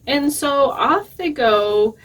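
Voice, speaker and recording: A woman librarian telling a traditional folk tale at storytime, expressive and playful, with asides to the children. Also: high voice, slow, recorded from a distance. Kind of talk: storytime reading.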